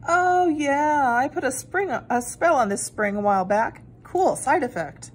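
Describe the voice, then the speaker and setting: A woman's voice: high-pitched, expressive, unhurried, slightly rough, pitched above the performer's own voice, exaggerated voice. Woman putting on a brash wisecracking fairy goose. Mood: sassy. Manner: brash, offhand, slangy.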